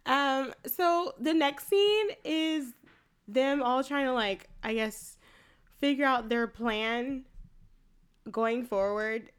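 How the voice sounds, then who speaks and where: A woman's voice: on the high side, clear, resonant tone. Laid-back woman in her late twenties, laughing. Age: late 20s. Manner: laid-back, swears freely, laughs often. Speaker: podcast co-host recapping a film. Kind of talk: casual chat.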